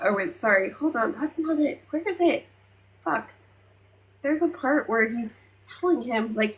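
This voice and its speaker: A woman co-hosting a podcast in casual chat. She retells things in a lively, loose way, swears freely, and stops to hunt for her place. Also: fairly high pitch, normal speed, rough recording. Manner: animated retelling, often swears, fillers, loses her place. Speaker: podcast co-host.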